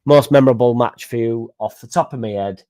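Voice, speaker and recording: Young male fan-channel host; excitable, rambling banter with plenty of swearing. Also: mid-range voice, a little fast. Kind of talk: casual live-stream chat reading viewer comments.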